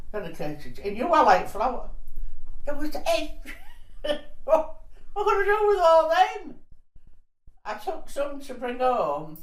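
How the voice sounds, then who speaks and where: A woman's voice: fairly high pitch, recorded from a distance. Chatty older woman, roomy sound. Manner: chatty, cheeky, laughs between tales. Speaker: interviewee. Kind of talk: casual storytelling.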